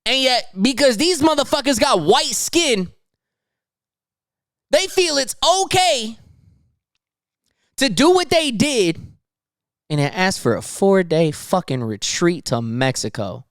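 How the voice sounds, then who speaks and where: A man's voice: extremely high pitch, lively intonation, takes it slowly, long pauses, fairly bright tone, no echo, clean studio sound. A young man hosting a podcast, ranting about the news in heated, slangy, profane casual talk. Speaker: podcast host. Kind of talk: casual news commentary rant.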